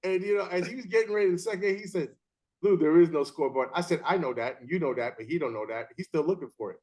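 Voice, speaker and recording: A man hosting a casual chat and telling umpiring stories in an animated way, acting out the scenes. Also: a little high, quick pace. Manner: animated storyteller, acts out scenes. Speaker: interview host and umpire.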